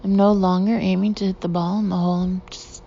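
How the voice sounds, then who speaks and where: A woman's voice: lowish voice, level tone, quick pace, gravelly, dark tone, lo-fi sound, a little hiss or hum. A woman reading the part of a chatty, self-mocking divorced woman. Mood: rueful.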